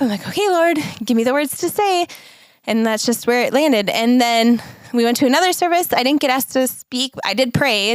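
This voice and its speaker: Earnest woman podcaster, smooth dry voice. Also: fairly high pitch, no room sound. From United States. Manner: earnest, reflective, laughs often. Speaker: podcast co-host. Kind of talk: casual chat.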